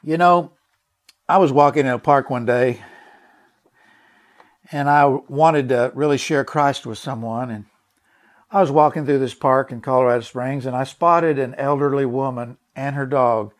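A man with a medium-pitched voice speaks a little slowly as he preaches a sermon and shares a personal story. He's earnest and emphatic, frequently repeating words and putting direct questions to his listeners.

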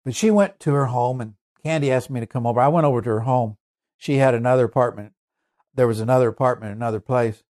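A male preacher telling a testimony in a sermon, earnest and emphatic, slowing down to stress key points. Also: medium pitch, darkish tone. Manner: earnest, emphatic storyteller with shifting pace.

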